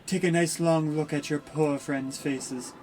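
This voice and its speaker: A woman putting on a slow gloating cartoon dark lord. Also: sits low, fairly even intonation, a little hiss or hum. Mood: menacing. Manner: slow, gloating, theatrical menace. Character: gleeful evil male dark lord, cartoonish villain.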